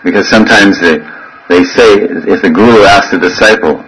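A man in his sixties giving a sermon, telling stories with animated quoted voices and frequent laughter. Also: deep voice, moderate pace, a little hiss or hum, poor audio. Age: 60s. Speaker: spiritual teacher.

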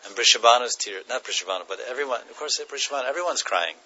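A man's voice: mid-range voice, lively intonation, fast, sharp tone, breathy edge, dull audio. A man giving a devotional class, chanting verses, translating them and chuckling as he tells stories. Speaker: spiritual teacher.

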